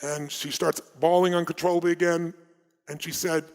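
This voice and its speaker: Man, American accent, fairly high voice, emphatic dramatic storytelling, motivational seminar, long hall reverb. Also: steady tone, a little fast. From United States. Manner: emphatic, dramatic storytelling that swings from loud to hushed. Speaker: motivational speaker.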